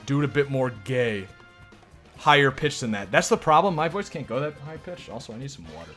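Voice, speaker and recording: A man's voice: medium pitch, big pitch swings, a little fast, a bit bright, faint music behind. A man streaming live gameplay, commenting casually in a joking, profane, self-mocking way. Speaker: game streamer.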